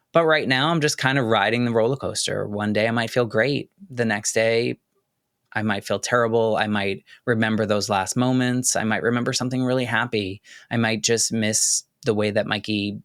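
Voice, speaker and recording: A man hosting a podcast, speaking candidly and haltingly about a painful loss, choking up at times. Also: fairly low pitch, fairly bright tone, no echo, studio quality. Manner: candid, halting, with many restarts and "like" fillers. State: choking up with emotion. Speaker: podcast host. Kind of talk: personal reflective monologue.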